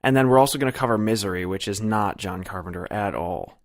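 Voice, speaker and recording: A man's voice: fairly low pitch, fast, no echo. A man co-hosting a movie podcast in a studio, speaking in a blunt, dry, opinionated way. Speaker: podcast co-host. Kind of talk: casual film chat.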